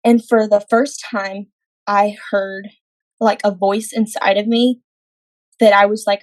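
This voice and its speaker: A woman's voice: medium pitch, little pitch movement, unhurried, no room sound, rough recording. A young adult woman, a podcast guest, telling a personal faith testimony in an earnest way, acting out her own quoted words.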